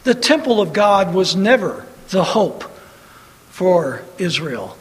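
A high-voiced man preaches with fiery emphasis, hammering repeated phrases and quoting scripture. His voice rings with a long reverb, as if in a big hall. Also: expressive, takes it slowly. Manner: preaching with rising emphatic bursts and scripture quotes. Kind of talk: sermon.

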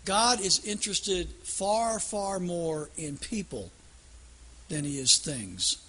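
A man's voice: high-pitched, slow pace, pushed and bright, husky. A man preaching a sermon in a folksy storytelling way that builds to emphatic declarations.

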